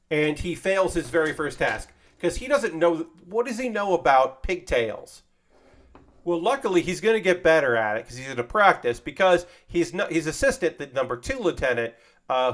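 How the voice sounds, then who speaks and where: A man streaming while he builds a model kit, casually chatting and retelling an anime episode in a rambling, animated way. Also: medium pitch.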